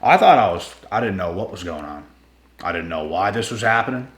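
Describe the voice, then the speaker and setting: A man telling a personal story to his viewers in a casual, animated way, slangy and swearing freely. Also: low voice, brisk, echoey room.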